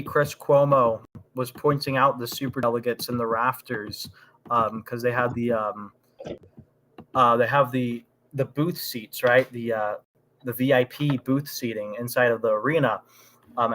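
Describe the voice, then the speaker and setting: A man's voice: mid-range voice, fairly even intonation, moderate pace, fairly bright tone, slight background noise. A man hosting a livestream, ranting heatedly in casual political chat, with frequent ums. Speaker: livestream host.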